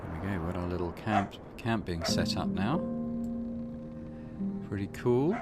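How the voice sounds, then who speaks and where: A man hosting a let's play at home, thinking aloud in a relaxed way with many fillers. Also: low voice, measured pace. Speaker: gaming channel host. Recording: game music behind.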